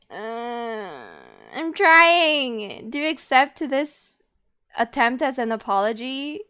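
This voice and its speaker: Young woman streamer, slightly high voice, giggly and self-mocking. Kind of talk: casual live-stream chat.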